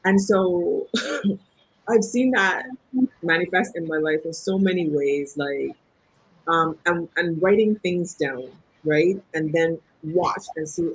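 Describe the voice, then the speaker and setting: A woman, a guest author telling lively, laughing anecdotes in a casual interview. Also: lowish voice, takes it slowly, breathy edge, low-quality recording.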